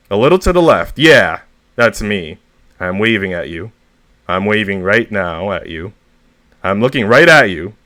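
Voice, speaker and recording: Man reading comic stories, lively pitch. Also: no room sound. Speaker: VTuber reader. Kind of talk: reading humorous short stories aloud.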